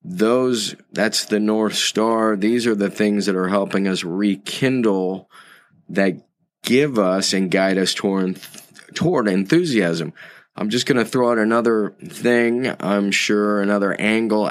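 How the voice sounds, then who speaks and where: A man leading a recorded course lesson, unhurried and reflective, fond of quotes and word origins. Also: on the low side, no room sound. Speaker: course instructor.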